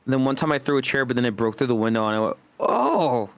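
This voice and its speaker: A young man with a subtle Southern US accent, a guest chatting on a stream. He tells animated stories, acts out what he said, and jokes with mock bravado. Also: medium pitch, racing, smooth, no echo. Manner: animated storyteller, acts out quotes, jokey bravado. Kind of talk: casual chat on a stream.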